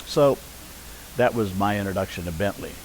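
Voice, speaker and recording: In a rough recording with slight background noise, an older man speaks low-pitched at a normal speed. He's an interview guest and longtime community theater actor, sharing memories through anecdotes and growing animated when quoting others.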